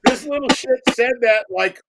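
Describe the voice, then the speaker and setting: Male director guest, high-pitched, lively raconteur who laughs and acts out the lines. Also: moderate pace, gravelly, very noisy. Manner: animated, laughing, acts out quotes. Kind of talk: storytelling in a podcast interview.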